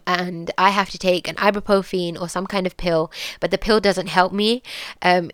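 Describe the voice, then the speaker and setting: Young British woman, personal storytelling, soft-spoken, clear smooth voice, dry close sound. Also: lowish voice, no echo. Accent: British English. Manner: soft-spoken, frequent ums and likes. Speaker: podcast guest sharing her story.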